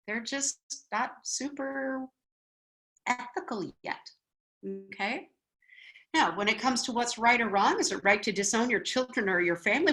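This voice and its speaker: A woman with a fairly high voice leads a spiritual wisdom class. She talks in an animated lecture style. She keeps checking in with her listeners with a quick "okay?". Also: poor audio.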